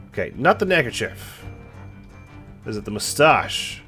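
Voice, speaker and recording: A young man hosting a let's play, reading game dialogue aloud and reacting between lines in an animated, joking way. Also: lowish voice, moderate pace. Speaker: gaming channel host. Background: faint game music.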